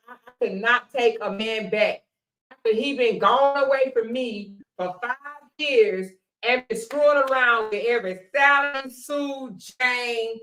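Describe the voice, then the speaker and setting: Woman host, casual commentary, sassy, fairly high voice, drawn-out exclamations. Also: sharp tone, rough recording. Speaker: show host.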